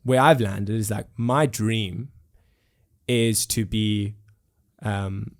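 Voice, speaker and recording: A young South African man in his twenties speaks in an interview, earnest and reflective, often circling back with fillers and restarts. His voice sits a little low. He sounds sincere and unhurried as he works through his thoughts. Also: fairly even intonation. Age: 20s. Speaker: musician guest. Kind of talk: casual interview conversation.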